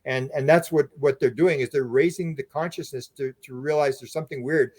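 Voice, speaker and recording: A man's voice: medium pitch, brisk, darkish tone, husky, no room sound. A man speaking as a guest on a podcast interview, telling long rambling anecdotes with frequent restarts. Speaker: guest, UFO researcher and author.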